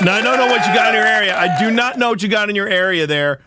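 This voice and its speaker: A man hosting a live stream in casual chat with viewers, excitable and quick to laugh and shout. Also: sits high, loud music behind the voice, a loud crowd. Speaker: livestream host.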